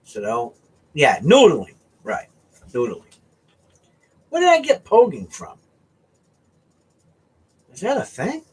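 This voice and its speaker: A man from the US East Coast spins a casual anecdote, his husky voice swinging up high and jumping all over. He keeps checking in with "right?" as he goes. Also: a little slow, long pauses. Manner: animated, keeps asking "right?". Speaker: storyteller.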